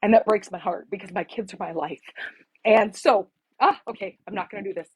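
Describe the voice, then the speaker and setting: A woman's voice: mid-range voice, a little fast, a little hiss or hum, rough recording. A woman in her forties from Arizona hosting a casual craft livestream, chatting with viewers and greeting them by name, sometimes emotional. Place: home craft room.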